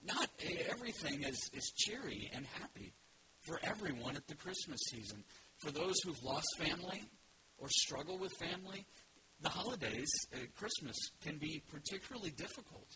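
A male pastor delivers a sermon in a loose, conversational way, often restarting his sentences and dropping in asides. His voice sits a little higher than most men's. Loud background noise runs under the recording. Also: sing-song, normal speed.

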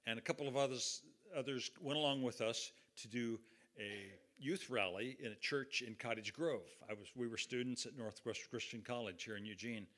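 Middle-aged male pastor, folksy sermon storyteller, bright tone. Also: medium pitch, moderate pace. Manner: folksy, conversational, acts out quotes.

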